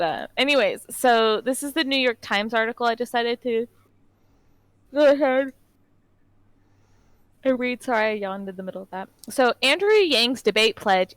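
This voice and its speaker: Ranting young woman, smooth clear voice. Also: on the high side, normal speed, no room sound. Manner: frequent laughter, animated ranting. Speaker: podcast co-host. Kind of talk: casual chat and ranting commentary.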